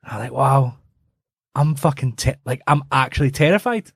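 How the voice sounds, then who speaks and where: A man tells a story against himself, pausing on fillers and sounding sheepish about it. His voice sits at a middling pitch and is recorded dry and close. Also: animated, gravelly, husky, no echo. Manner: self-deprecating, hesitant storyteller. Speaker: podcast co-host. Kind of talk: casual comedic chat.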